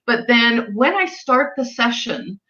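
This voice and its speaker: Woman, bright and forceful voice, animated storyteller, slightly dull lo-fi sound. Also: fairly high pitch, slow. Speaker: animal communicator. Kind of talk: casual chat.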